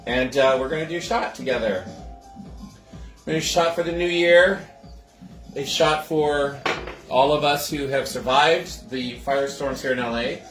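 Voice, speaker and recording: A man's voice: mid-range voice, unhurried, fairly bright tone, echoey room, faint music behind. A man hosting a casual livestream cocktail show from his home kitchen, chatting with viewers, greeting them by name and laughing often.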